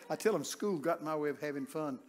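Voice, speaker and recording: An older man preaching a humorous sermon, telling folksy stories and breaking into loud shouts. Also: on the high side, measured pace. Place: church sanctuary.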